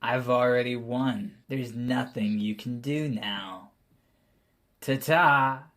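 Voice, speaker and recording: A man voicing a gruff, smug male orc villain who taunts the party. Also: steady tone, fairly bright tone. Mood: taunting. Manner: gruff, taunting, slow and low.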